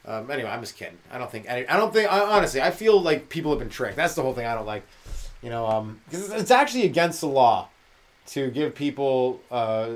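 A male comedian riffs alone on his podcast, loose and profane, ambling from one tangent to the next. His voice sits in an ordinary middle pitch, and he slips into quick mocking impressions of the people he talks about. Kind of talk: rambling solo comedy monologue.

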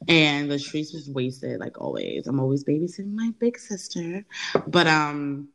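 A woman's voice: deep voice, measured pace, creaky. A young woman with a New York accent, chatting and telling stories as a podcast co-host, acting out quotes and swearing freely. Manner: animated storyteller, acts out quotes, swears freely. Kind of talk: casual chat.

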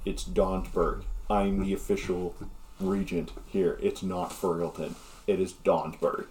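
A man's voice: sits low, level tone, a little slow, a little mellow, slight background noise. A man voicing a proud male regent who welcomes his guests at a feast with a formal speech.

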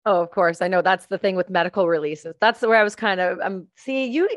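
A woman's voice: on the low side, a little fast, no room sound, studio quality. Enthusiastic woman podcast host. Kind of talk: casual interview.

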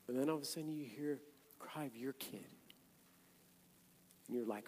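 A man preaching a sermon as a pastor, conversational and then loud and emphatic. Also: medium pitch, moderate pace, long pauses. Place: church sanctuary. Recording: echoey hall, long reverb.

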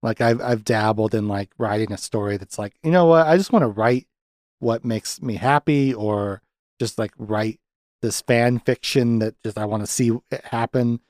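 A man hosting a casual podcast film review, animated, often jumping into high-pitched voices to act out characters' lines and laughing a lot. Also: normal speed, no echo, studio quality. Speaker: podcast host.

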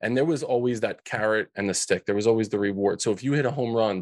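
A podcast guest tells a painful childhood story in an earnest way, often restarting his sentences. His voice is on the low side and a little mellow, he talks fast, and there's no echo.

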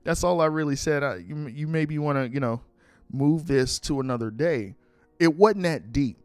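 A man's voice: fairly high pitch, normal speed, clear, resonant tone, no room sound, soft background music. A young man hosting a podcast, telling a personal story casually, swearing and acting out what people said. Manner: animated, swears freely, acts out quoted lines. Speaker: podcast host.

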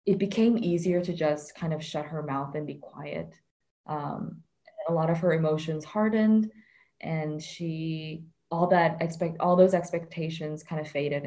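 A woman's voice: low voice, warm tone. Chatty, reflective woman guest. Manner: chatty, many fillers, reflective. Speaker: interview guest, reporter. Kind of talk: casual conversational interview.

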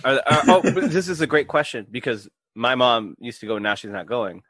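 A young man chatting on a podcast in a relaxed, halting way, repeating words as he restarts and letting sentences sink low and soft. The sound is dry and close. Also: no room sound. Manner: laid-back, trails off quietly, stammers on restarts. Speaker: podcast co-host. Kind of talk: casual chat.

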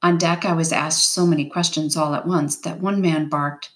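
A woman with a low voice reads a novel aloud, chapter by chapter. She keeps a steady, unhurried storytelling pace throughout. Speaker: reader.

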